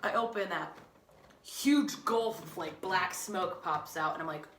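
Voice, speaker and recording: A young woman teacher telling a family story in a chatty, animated, self-mocking way. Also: on the low side, measured pace, slight background noise. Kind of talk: casual storytelling. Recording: echoey room.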